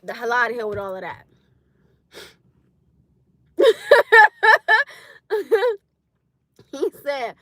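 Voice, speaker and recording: High bright-voiced woman ranting. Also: slow, long pauses, dry recording. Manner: blunt, animated, laughing often, slangy. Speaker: livestream host. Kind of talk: casual livestream rant.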